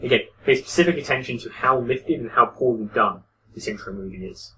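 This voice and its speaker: A man's voice: medium pitch, brisk, distant mic, background noise. A man giving casual, critical commentary over gameplay footage, talking conversationally and often restarting his sentences. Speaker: game reviewer.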